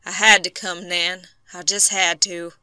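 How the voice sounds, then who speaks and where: A woman voicing an injured lumberman, a man down on his luck who speaks gruffly and hopelessly. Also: lowish voice, level tone, a little slow, bright, forceful tone, no echo. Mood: reassuring.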